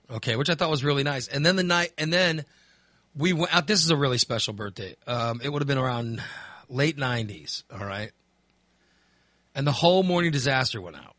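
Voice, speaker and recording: A man's voice: on the high side, fairly quick, bright, forceful tone, no room sound. A man in his fifties, hosting and telling a candid, rambling story in casual chat. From Texas. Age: 50s. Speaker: host.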